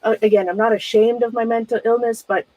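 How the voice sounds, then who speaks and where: Chatty middle-aged woman, a touch high. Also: steady tone, quick pace, dark tone, no echo, rough recording. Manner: chatty, rambling, greets viewers by name. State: nervous and shaky. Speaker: livestreamer. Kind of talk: casual livestream chat while sorting a closet.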